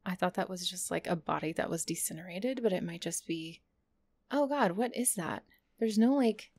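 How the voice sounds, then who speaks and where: Excitable woman gaming commentator. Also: mid-range voice, breathy edge. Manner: excitable, frequent exclamations and whispers. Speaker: gaming streamer. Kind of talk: let's play commentary.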